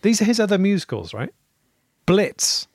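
A man's voice: sits high, sing-song, moderate pace, vocal fry, darkish tone, dry recording, clean studio sound. A man, co-hosting a comedy podcast, wryly reading out what he has looked up. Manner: wry, looks things up and reads them aloud. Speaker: podcast co-host reading out research. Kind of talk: casual comedic chat.

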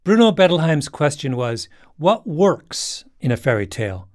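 A man's voice: a little high, sing-song, moderate pace, darkish tone, no echo, clean studio sound. A man hosting a podcast in wry, emphatic scripted narration. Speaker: podcast host.

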